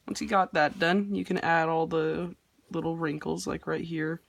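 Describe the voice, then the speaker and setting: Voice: mid-range voice, fairly even intonation, normal speed, creaky. A person hosting a casual drawing tutorial, talking in a rambling, offhand and self-deprecating way while sketching. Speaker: art tutorial host.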